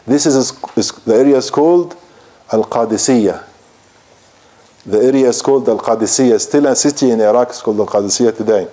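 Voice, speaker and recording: A male lecturer at a mosque retelling a battle story with energy, slipping into Arabic phrases and acting out the people in it. His voice is warm and mellow, at an ordinary middle pitch. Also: brisk. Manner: animated retelling in non-native English, mixing Arabic phrases. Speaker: Islamic lecturer.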